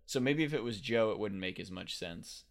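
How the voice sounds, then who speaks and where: A man's voice: fairly low pitch, expressive, normal speed, vocal fry. A man co-hosting a podcast, talking casually and hesitantly about a TV episode, with many fillers. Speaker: podcast co-host. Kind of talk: casual chat recapping a TV show.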